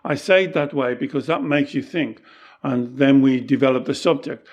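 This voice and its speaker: Speaking at a moderate pace with a medium pitch, a middle-aged man who teaches Taoism and hosts a podcast explains patiently and earnestly in a relaxed teaching chat. He frequently performs the lines he quotes.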